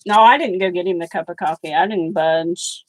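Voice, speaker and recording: In a low-quality recording, a middle-aged woman with a fairly low pitch talks at normal speed as she works on crafts for her vlog. Her chat is casual and outspoken, full of stories.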